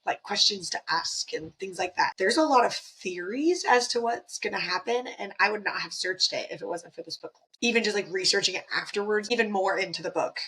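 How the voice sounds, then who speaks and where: A woman's voice: mid-range voice, brisk, hardly any pauses, a bit bright, a little hiss or hum, low-quality recording. A woman co-hosting a book podcast, chatting in a playful, casual way with many fillers. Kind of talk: casual chat.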